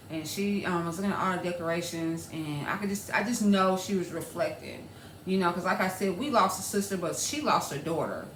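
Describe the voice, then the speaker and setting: A woman, co-hosting a casual chat, heartfelt and animated. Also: fairly low pitch. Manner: heartfelt, animated, laughs easily. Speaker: podcast co-host. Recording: echoey room with faint noise.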